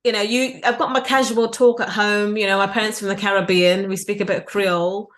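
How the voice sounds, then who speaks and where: A middle-aged British woman, a PR agency founder, talking in a casual interview, animated and full of restarts and "you know". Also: medium pitch, a little fast. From United Kingdom.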